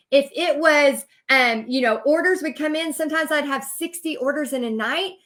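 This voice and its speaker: A woman in her thirties from Texas, telling a personal story with animated emotion and quoting her own thoughts. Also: high voice. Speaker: host and business coach.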